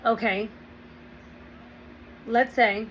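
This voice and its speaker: A woman's voice: on the high side, steady tone, drawn-out words, a bit bright, slight background noise, rough recording. A woman talking through relationship advice in a casual monologue, often checking in with "right?" and "okay".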